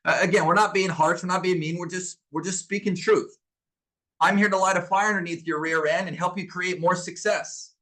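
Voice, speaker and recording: High-voiced, fired-up man coaching. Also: brisk, rough recording. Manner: energetic, preacher-like call-and-response; blunt and emphatic, repeats himself. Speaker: business coach. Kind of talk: live online masterclass.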